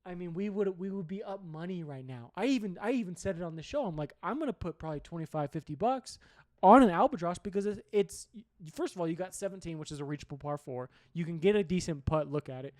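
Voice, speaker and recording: A young male sports podcast host with a slightly high voice chats casually about the weekend's golf. He rambles, restarts and swears freely. The recording is dry, with no room sound. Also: animated, quick pace, a little mellow, no room sound. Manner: rambling, profane, conversational recap.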